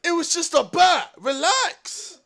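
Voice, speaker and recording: A young man commentating live gameplay, loud and panicky, swearing and yelling as he plays. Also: very high-pitched, lively intonation, slow, creaky. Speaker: gaming video host.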